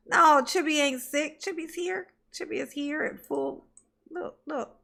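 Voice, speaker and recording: A woman with a bright, fairly high voice talks over a clip in casual, sarcastic commentary. Her tone is mocking and teasing, and she often breaks into laughter. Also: unhurried, creaky. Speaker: commentary streamer.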